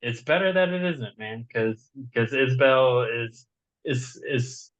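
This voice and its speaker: A man's voice: medium pitch, animated, slow pace, a bit bright, lo-fi sound. A man with a slight Southern accent, chatting as a guest author in a rambling, enthusiastic way and often repeating words. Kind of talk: casual chat.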